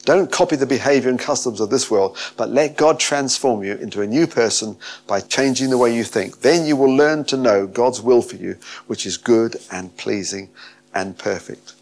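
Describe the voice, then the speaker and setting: A man's voice: medium pitch, moderate pace. A man preaching a sermon, reading scripture and expounding it with emphatic, rising delivery. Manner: emphatic, rising to animated peaks.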